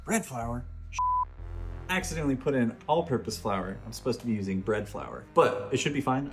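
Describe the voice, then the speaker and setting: A man of middle pitch talks through a recipe in his own home kitchen, like a casual cooking show host. He keeps up a steady stream of dry, self-mocking asides while he works. Faint music sits quietly behind him. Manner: wry, self-deprecating, joking asides. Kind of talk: casual cooking vlog narration.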